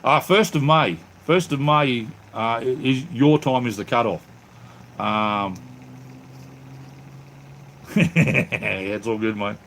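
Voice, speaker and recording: A man's voice: mid-range voice, slow pace, pauses often, fairly bright tone, a little hiss or hum. An Australian man hosting a casual live stream from home, rambling cheerfully and calling his viewers mate and brother. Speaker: channel host reading live chat.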